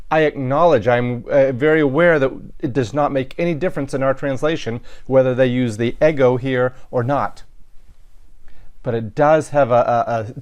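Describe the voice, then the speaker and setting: This recorded lesson features a male Latin teacher with a medium-pitched, slightly mellow voice. He takes a methodical approach, going through sentences step by step while sometimes using fillers or correcting himself.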